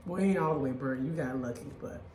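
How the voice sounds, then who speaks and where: A woman, chatting excitedly while she cooks in a casual vlog. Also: rumbling low, fast, echoey room, a crowd in the background. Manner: chatty and excitable, laughs easily. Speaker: fitness vlogger cooking at home. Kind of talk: casual cooking vlog chat.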